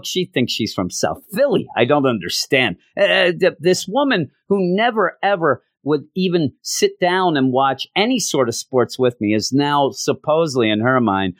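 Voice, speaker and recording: A man's voice: mid-range voice, fairly bright tone, dry recording, clean studio sound. A man giving a sarcastic, exasperated comedic rant as a comic book reviewer, acting out scenes in different voices.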